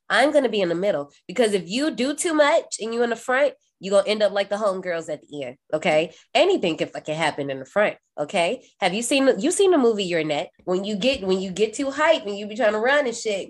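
A woman co-hosting a casual horror movie recap podcast, animated and profane, often jumping high to act out quoted lines, speaking. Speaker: podcast co-host.

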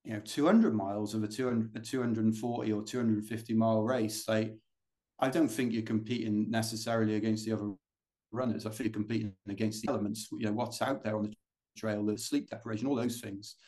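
A man's voice: fairly low pitch, fairly even intonation, quick pace, a little mellow. A British man, a guest on a podcast, telling long stories in a chatty, rambling way with plenty of fillers and restarts. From United Kingdom. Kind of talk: casual interview storytelling.

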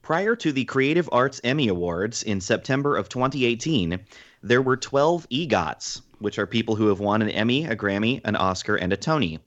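A man reading out trivia questions on a podcast, measured and deliberate. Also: mid-range voice, lively intonation. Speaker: trivia quizmaster. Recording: dull lo-fi sound.

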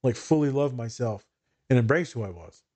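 A man's voice: medium pitch, normal speed. Brief: male social worker hosting a podcast, candid and swearing freely, mid-range voice. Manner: candid, profane, animated storytelling. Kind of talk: casual podcast discussion.

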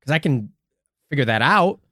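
Lively deadpan man riffing a bit. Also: mid-range voice, moderate pace, no room sound, studio quality. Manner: deadpan riffing, playing along. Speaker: comedy podcast co-host. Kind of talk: improvised comedy bit.

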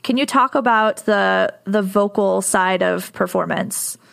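A woman's voice: medium pitch, a little slow, vocal fry, fairly bright tone. A woman hosting an interview, reacting with enthusiasm. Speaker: host.

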